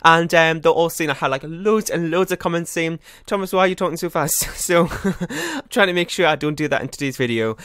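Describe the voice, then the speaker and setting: A man's voice: fairly high pitch, expressive, fairly bright tone, smooth, dry recording, clean studio sound. A man giving casual, rambling voice-over commentary on a building game, often correcting himself. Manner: fast, rambling, self-correcting chatter. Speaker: YouTuber.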